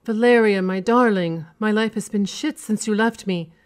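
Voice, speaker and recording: A woman voicing a blustering male general who demands loudly and then pleads through tears, in a storybook reading. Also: mid-range voice, steady tone, unhurried, clean tone, pitched above the performer's own voice, close to an everyday voice. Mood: sobbing. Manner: loud, demanding, then sobbing pleas.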